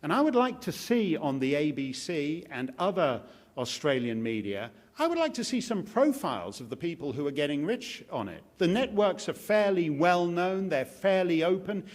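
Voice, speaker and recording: A man's voice: fairly high pitch, big pitch swings, normal speed. A man giving a public lecture at a live event, speaking with wry, sardonic humor.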